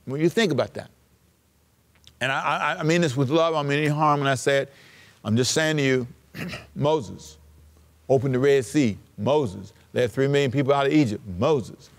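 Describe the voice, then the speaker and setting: A man preaching a sermon, slowing to read scripture and rising sharply in pitch for emphasis. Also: gravelly, long reverb tail. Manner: preaching with dramatic pauses and sudden rises in pitch; slows down to read scripture aloud. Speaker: pastor.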